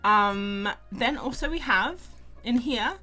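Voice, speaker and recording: A woman's voice: on the high side, lively intonation, slow, sharp tone, soft background music. A young woman hosting a casual drawing livestream, chatting and rambling to viewers and greeting them by name. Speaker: livestream host. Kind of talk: casual chat while drawing.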